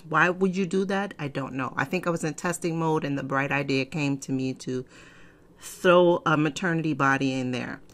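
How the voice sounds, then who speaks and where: A woman hosting a casual software tutorial, chatty and digressive, often clearing her throat. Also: low-pitched, normal speed. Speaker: fashion software tutorial host. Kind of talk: casual screen-recorded tutorial. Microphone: desk microphone.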